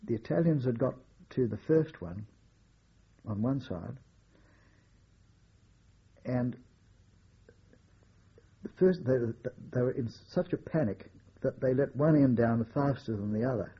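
Older man, husky raspy voice, measured storytelling, dull lo-fi recording. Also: medium pitch, expressive. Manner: measured storytelling with wry chuckles. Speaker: war veteran recounting memories. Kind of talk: oral history recollection.

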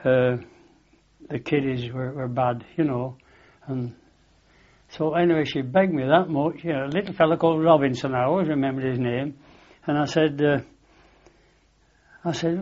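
An older man with a Lancashire accent rambles through a long anecdote in a chatty interview, repeating "I said" and laughing at his own story. His voice is on the high side and slightly mellow, at normal speed with frequent pauses, and the recording is dull and lo-fi.

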